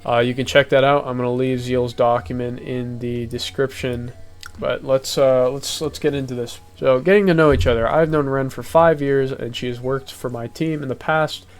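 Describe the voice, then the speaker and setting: A man's voice: medium pitch, flat delivery, moderate pace, smooth, faint music behind. A young man reading a document aloud and reacting to it in casual, heated commentary, swearing and raising his voice. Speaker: commentary youtuber.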